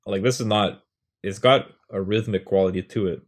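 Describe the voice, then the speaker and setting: This poetry tutorial host is a young man whose voice sits on the low side, moving at normal speed. Rambling and self-deprecating, he walks through writing a poem casually, voicing the rhythms out loud.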